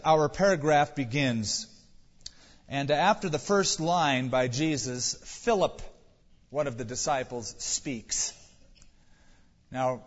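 A man's voice: mid-range voice, in a large hall. Pastor, male, earnest conversational preacher; dull, muffled recording. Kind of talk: sermon.

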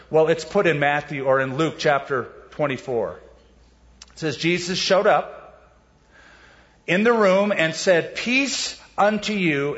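Lively male preacher, dull lo-fi sound. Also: on the high side, big-room sound. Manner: animated preaching, acts out quoted voices. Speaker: pastor. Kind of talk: sermon.

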